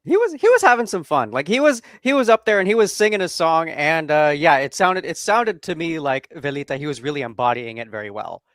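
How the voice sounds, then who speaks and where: An easygoing male co-host who laughs often and steers the conversation with questions. His voice sits a little high and moves around a lot. It is recorded dry and close. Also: very animated, fairly quick, hardly any pauses, fairly bright tone, dry recording. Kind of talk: casual live-stream chat.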